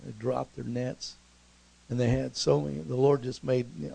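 A middle-aged man preaching a storytelling sermon, conversational and animated, and acting out scenes along the way. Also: medium pitch, moderate pace, creaky, a little hiss or hum, rough recording.

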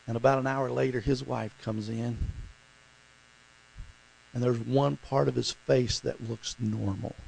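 A preacher man with a gravelly, creaky edge in a mid-pitched voice. He tells a sermon story in a rambling way, stumbling over repeated words, then presses hard on key points with rising fervor. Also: steady tone, unhurried, pauses often, darkish tone, low-quality recording.

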